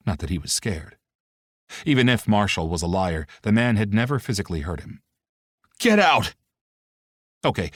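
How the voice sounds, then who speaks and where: A man giving steady, expressive scripted audiobook narration. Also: fairly low pitch, no room sound, studio quality.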